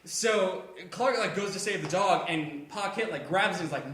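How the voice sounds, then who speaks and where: Man, podcast co-host, profane animated rant, high bright voice, echoey room. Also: moderate pace, few pauses. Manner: profane, ranting, animated storytelling. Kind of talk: casual chat.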